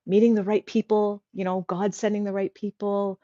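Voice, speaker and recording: A woman's voice: mid-range voice, little pitch movement, normal speed, dark tone, dry recording, lo-fi sound. A woman hosting a casual livestream, chatty and encouraging, reading out viewer comments. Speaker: livestream host.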